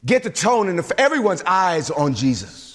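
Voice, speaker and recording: A man preaching a sermon in an emphatic, animated way, with frequent asides and restarts. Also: high voice, moderate pace, big-room sound. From suburbs.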